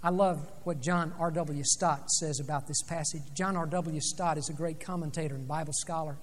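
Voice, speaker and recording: A man preaching a sermon, retelling a scripture story dramatically, rising loud and dropping soft. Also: on the high side, steady tone, normal speed. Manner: dramatic storytelling with sweeping swings in loudness. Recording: long reverb of a large hall.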